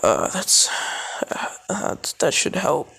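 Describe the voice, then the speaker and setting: A shy, dazed teenage hero speaks hesitantly and stumbles over his words in a fan-made audio story, voiced by a man. The delivery is slow and gravelly. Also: a little high, big pitch swings, a bit bright, heavily acted. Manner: hesitant, stammering.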